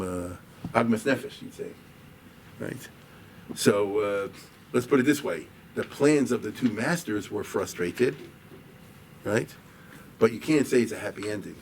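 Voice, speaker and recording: A man's voice: medium pitch, a little mellow. Male rabbi lecturing, conversational asides, mic set back from him, faint hum behind. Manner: conversational, reads a line then paraphrases with asides and "right?". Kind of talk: explaining a liturgical poem in a lecture. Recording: distant mic with faint background noise.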